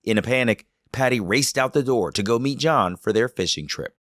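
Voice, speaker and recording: A man's voice: medium pitch, lively intonation, moderate pace, fairly bright tone, no echo, clean studio sound. A man hosting a podcast, narrating the story and adding reflective comments. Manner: reflective, thoughtful. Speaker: podcast host.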